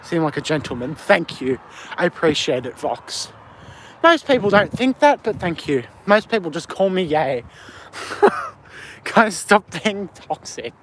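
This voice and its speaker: A livestreamer with an Australian accent chats as he walks a windy street at night, reading out and answering viewer comments on his phone mic. His fairly bright voice is on the high side, a little slow, and swings widely in pitch, with slight background noise.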